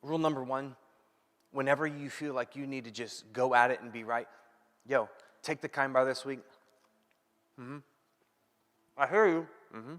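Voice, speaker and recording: A man preaching a sermon as pastor, emphatic, repeating key phrases and dropping from loud to hushed. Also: mid-range voice, fairly even intonation, moderate pace, long pauses, in a large hall.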